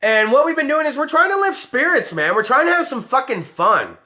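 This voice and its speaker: A man's voice: very high-pitched, big pitch swings, fairly quick, pushed and bright. A man hosting a live-streamed show, talking in a loose, tipsy, heavily profane way. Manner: rowdy, tipsy, swears a lot. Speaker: podcast host.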